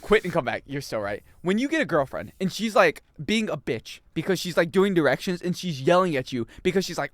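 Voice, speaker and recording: A man chatting casually and joking with his chat while he plays a game on a livestream, swinging between loud outbursts and mumbled asides. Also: sits high, big pitch swings, quick pace, hardly any pauses, no echo. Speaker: game streamer.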